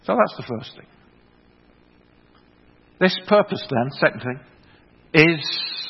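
A man's voice: on the high side, breathy edge. A middle-aged man, preaching a sermon in a wry, self-deprecating storytelling manner that builds into earnest proclamation. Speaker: preacher, former theological college principal. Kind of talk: sermon with humorous anecdote. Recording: reverberant hall, slightly muffled sound.

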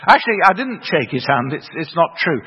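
A man's voice: a little high, big pitch swings, a little fast, breathy edge. A middle-aged man, preaching a sermon in a wry, self-deprecating storytelling manner that builds into earnest proclamation. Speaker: preacher, former theological college principal. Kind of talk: sermon with humorous anecdote. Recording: reverberant hall, slightly muffled sound.

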